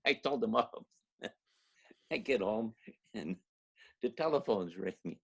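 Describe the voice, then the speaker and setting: Older male actor, husky low voice, animated anecdote teller. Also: slow. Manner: animated storyteller, acts out quotes, laughs often. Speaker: actor guest. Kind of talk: anecdotal storytelling.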